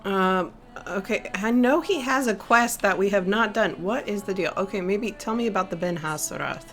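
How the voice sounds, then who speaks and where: A woman's voice: mid-range voice, moderate pace, a bit bright, faint music behind. A woman hosting a let's play, commenting casually and gushing emotionally over the scenes. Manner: gushing, emotional, full of exclamations.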